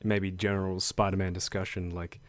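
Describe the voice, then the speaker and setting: A man's voice: deep voice, flat delivery, moderate pace. A man co-hosting a casual podcast, rambling through stumbling restarts and casual swearing. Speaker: podcast co-host. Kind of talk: casual chat.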